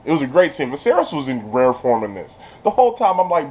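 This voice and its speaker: Animated, slangy guy recapping a show. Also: high voice, moderate pace. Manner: animated, slangy, laughs often, restarts. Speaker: channel host reviewing a TV episode. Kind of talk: casual spoiler recap.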